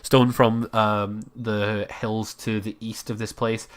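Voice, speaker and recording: A man's voice: lowish voice, flat delivery, slow pace. A man narrating as game master of a tabletop game, rambling with frequent fillers.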